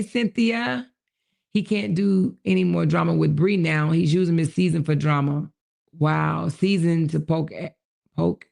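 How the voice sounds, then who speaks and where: A woman hosting a casual livestream, reacting to chat with quick exclamations and reading messages aloud, with features. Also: deep voice, vocal fry, a little mellow. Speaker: livestream host.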